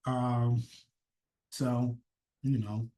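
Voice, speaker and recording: A man's voice: mid-range voice, little pitch movement, drawn-out words, mellow. A man ranting in a casual, rambling way, swearing often and stressing his points hard. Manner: rambling, profane, emphatic. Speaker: commentator. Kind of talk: casual opinion rant.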